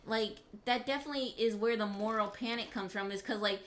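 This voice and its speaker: A woman's voice: fairly high pitch, fairly quick, slight background noise. A young woman co-hosting a stream in casual chat, musing aloud with many filler words.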